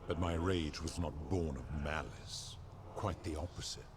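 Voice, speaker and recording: An actor playing an ancient male god in a video game, speaking in slow, solemn pronouncements. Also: very deep voice, background noise.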